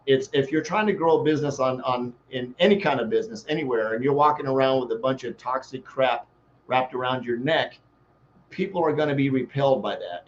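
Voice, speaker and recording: A male life coach talks in a folksy, rambling way, spinning homespun analogies as he goes. His voice sits at an ordinary middle pitch for a man. The recording is a little dull, with a faint hiss of background noise behind him. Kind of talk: motivational talk.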